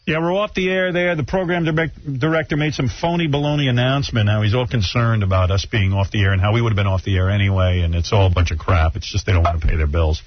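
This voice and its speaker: A man's voice: lowish voice, steady tone, fast talker, few pauses, dry recording. Blunt sarcastic male radio host. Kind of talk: radio talk show banter. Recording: dull lo-fi radio audio with faint music.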